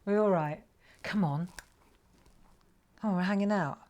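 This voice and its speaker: A woman's voice: medium pitch, a little slow, darkish tone, highs cut off, slight background noise. A middle-aged woman hosting a live crafting show from home, chatting and telling a rambling story while she paints. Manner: chatty, rambling storyteller who laughs often. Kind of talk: live crafting demonstration with chat.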